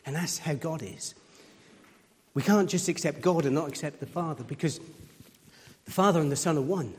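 A man's voice: on the high side, fairly quick, a little mellow, big-room sound. A man preaching a sermon in a church, repeating words and building up to emphatic peaks, acting out the people in his stories.

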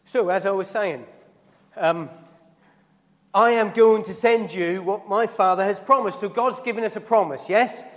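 A man's voice: sits high, measured pace, in a large hall. A man preaching a sermon as pastor, putting questions to the congregation and building emphasis as he goes. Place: church hall.

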